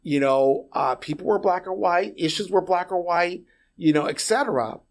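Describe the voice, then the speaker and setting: A middle-aged man from Puerto Rico, a podcast guest, talking in a casual interview as an animated storyteller who often restarts and repeats words. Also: high voice, normal speed.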